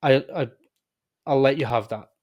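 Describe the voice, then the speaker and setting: A man's voice: mid-range voice, moderate pace. A man hosting a podcast, talking candidly and reflectively in casual conversation. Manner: candid, reflective, animated when telling stories. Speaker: podcast host.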